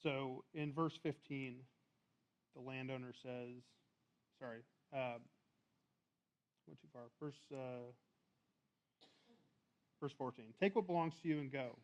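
A man's voice: medium pitch, takes it slowly, pauses often, muffled recording. A man preaching a sermon in a church, talking casually and reading scripture aloud. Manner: conversational, restarts and fillers, reads scripture aloud.

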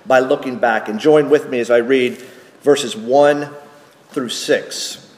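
Slow-preaching man in echoey church. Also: medium pitch, fairly even intonation, a little mellow. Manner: slow, deliberate preaching with restarts and rhetorical questions. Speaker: pastor. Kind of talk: sermon. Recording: echoey church hall with long reverb.

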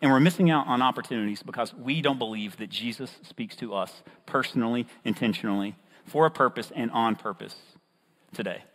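A man preaching a sermon with playful storytelling and a husky voice. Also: mid-range voice, brisk, fairly bright tone. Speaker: pastor. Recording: long reverb of a large hall.

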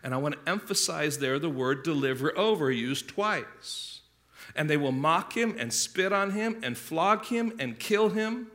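A man's voice: fairly high pitch, animated, a little slow, fairly bright tone. A man preaching an earnest expository sermon to his congregation, repeating words as he explains a passage. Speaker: pastor.

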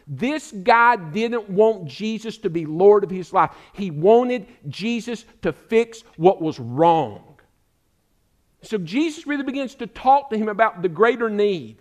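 An older man preaches a sermon, his voice pitched notably high. He exhorts emphatically and keeps appealing directly to his listeners as friends. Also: lively intonation, measured pace. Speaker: pastor.

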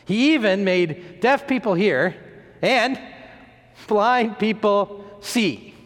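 High, animated preacher in a reverberant hall. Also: male voice, slow. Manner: animated, acts out quoted voices, stumbles and repeats words. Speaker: pastor. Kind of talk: sermon storytelling.

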